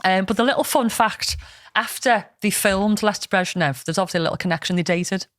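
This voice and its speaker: A woman's voice: medium pitch, a little fast, fairly bright tone, dry recording, clean studio sound. A woman, chatting casually as a podcast host and retelling a film plot with plenty of swearing. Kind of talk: casual storytelling chat. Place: podcast studio.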